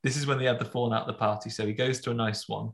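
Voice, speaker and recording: A man casually recapping a film with friends, jokey, slipping into quick voices for the characters. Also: medium pitch, fairly even intonation, vocal fry. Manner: jokey, acts out lines in quick put-on voices. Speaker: podcast co-host recapping a film. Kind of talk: casual chat.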